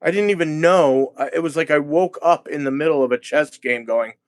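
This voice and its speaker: A man talking in a rambling monologue, agitated and profane, halting and restarting his sentences. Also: a little high, smooth, no room sound. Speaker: vlogger.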